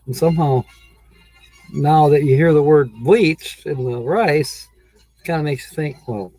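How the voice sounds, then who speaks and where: Easygoing male livestream host, a bit high-pitched, dry close sound, rambling and chuckly. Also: measured pace, dark tone, no room sound, soft background music, rough recording. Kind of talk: casual livestream chat reading viewer comments.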